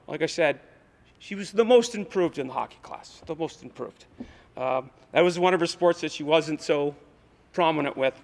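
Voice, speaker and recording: A man coaching at a school awards ceremony, giving a rambling speech full of fillers and restarts. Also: fairly high pitch. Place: school gym or auditorium. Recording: echoey hall.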